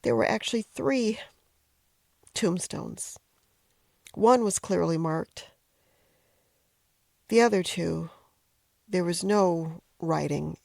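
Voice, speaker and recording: A middle-aged woman tells a personal story in a reflective, emotional way. Her voice carries a heavy, gravelly fry. She often pauses and sometimes drops to a near whisper, recorded close and dry. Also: lowish voice, a little mellow, no echo. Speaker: podcast host telling a personal story.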